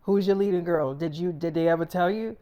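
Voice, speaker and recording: A man's voice: high voice, brisk, mellow, clear, resonant tone, natural voice. A man quoting a suspicious young woman who keeps pressing him with questions, in nearly his own voice.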